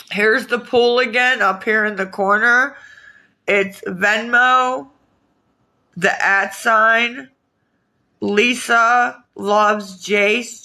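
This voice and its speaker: A woman chatting on a live stream, reading viewers' comments and asking for donations, weary and sighing, with halting restarts. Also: mid-range voice, bright, forceful tone, poor audio.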